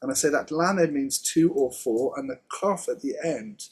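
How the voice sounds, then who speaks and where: A man teaching Hebrew words in a relaxed Torah study conversation, chatty and quick to laugh. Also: mid-range voice, breathy edge. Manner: chatty, laughs often, explains word by word. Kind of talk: casual Torah study chat.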